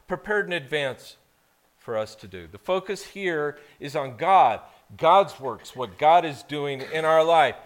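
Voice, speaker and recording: A male pastor with a fairly high voice who preaches unhurriedly in a church. He reads scripture with measured care and then stresses key words with emphatic force. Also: animated. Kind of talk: sermon. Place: church sanctuary.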